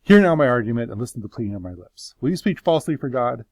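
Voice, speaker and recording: A man's voice: mid-range voice, animated, normal speed, a little mellow, dry recording, natural voice. A man voicing a suffering man who pleads his innocence before God, passionate and bitter. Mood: anguished.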